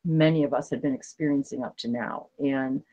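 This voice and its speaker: A woman hosting a spiritual livestream, talking casually in an earnest, emotional way, rambling with many halting restarts. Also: extremely low pitch, fairly even intonation, warm tone.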